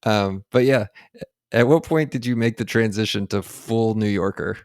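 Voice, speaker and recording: A man's voice: lowish voice, normal speed, dry recording, clean studio sound. A man hosting a podcast, chatting casually and laughing easily as he asks his guest questions. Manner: relaxed, laughs easily while asking questions. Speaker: podcast host. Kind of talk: casual interview chat.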